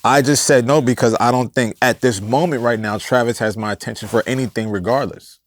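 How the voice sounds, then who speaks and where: A man's voice: medium pitch, steady tone, a little fast, dry recording. A man co-hosting a casual panel discussion, talking emphatically and repeating himself when he defends a point. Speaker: co-host.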